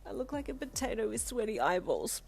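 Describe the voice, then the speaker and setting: A woman doing a dramatic young heroine, voice raised high. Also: moderate pace, a little mellow, close to an everyday voice. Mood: emotive. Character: emotional young woman, dramatic with deadpan humor. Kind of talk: fanfiction audiobook reading.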